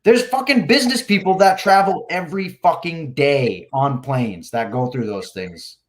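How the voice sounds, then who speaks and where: This podcast guest's voice runs a little high, animated and at normal speed. His story wanders in relaxed talk, thick with swearing and "like" fillers, and he performs the quoted lines himself.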